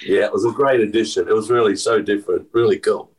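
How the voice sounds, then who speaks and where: A man's voice: lowish voice, steady tone, quick pace, rough recording. A man co-hosting a casual chat, chiming in with brief, chuckling remarks. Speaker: co-host.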